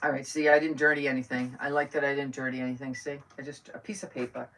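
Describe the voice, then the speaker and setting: Middle-aged woman, craft host, rambling chat, low pitch, distant mic. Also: flat delivery, quick pace, a bit bright. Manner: chatty, thinks aloud, rambling. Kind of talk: live crafting stream chat.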